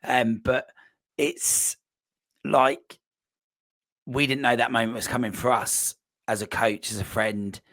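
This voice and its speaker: A man hosting a podcast, eager and rambling as he sets up his questions. His voice has an ordinary middle pitch. The sound is dry, with no room echo. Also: steady tone, slow, long pauses, fairly bright tone. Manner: enthusiastic, rambling, many fillers. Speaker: podcast host, coach. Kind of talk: casual podcast interview.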